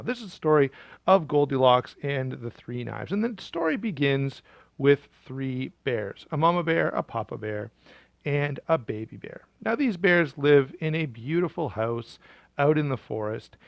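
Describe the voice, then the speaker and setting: A man's voice: on the high side, vocal fry, no room sound, muffled recording. A man hosting a knife channel, telling a jokey story in an upbeat, conversational way. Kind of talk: humorous storytelling vlog.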